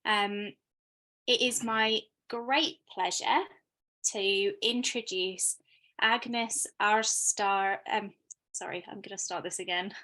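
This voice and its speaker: A woman's voice: mid-range voice, slow, bright, forceful tone. British woman hosting an online talk. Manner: friendly, hesitant with fillers. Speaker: host. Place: home room with bookshelves. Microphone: video call.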